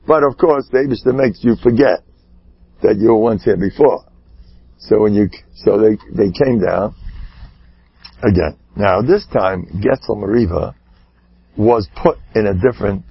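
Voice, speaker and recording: A rabbi giving an animated sermon, swinging between shouting and hushed asides, with Yiddish and Hebrew words woven in. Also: male voice, mid-range voice, breathy edge, no echo, muffled recording. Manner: peppers speech with Yiddish and Hebrew terms. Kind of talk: sermon storytelling.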